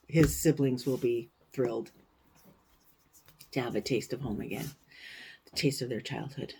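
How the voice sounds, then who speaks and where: A woman's voice: a bass voice, measured pace, pauses often, breathy edge. Chatty woman vlogger. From United States. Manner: animated, indignant ranting with sarcastic asides. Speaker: cross-stitch vlogger, show host. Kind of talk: casual chatty storytelling vlog.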